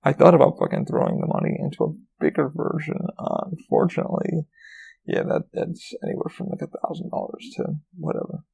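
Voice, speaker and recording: A man hosts a solo podcast in a fairly high, creaky voice that's dark and slightly rough, talking briskly. He rambles and swears freely, with lots of fillers and restarts. The recording sounds dull and lo-fi.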